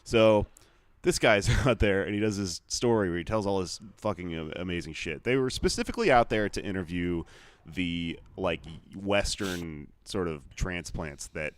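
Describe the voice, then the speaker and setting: A man with a low, deep voice hosts a casual comedy podcast. He rambles through a story and swears freely. The sound is dry and close to the mic, with no room echo. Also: lively intonation, moderate pace. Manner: rambling, profane, laughs often. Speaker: podcast host.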